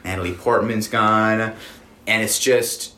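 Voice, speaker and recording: A man's voice: on the low side, steady tone, takes it slowly, sharp tone. A young man in casual chat, hesitant and filling gaps with ums. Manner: hesitant, many ums and uhs. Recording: roomy echo.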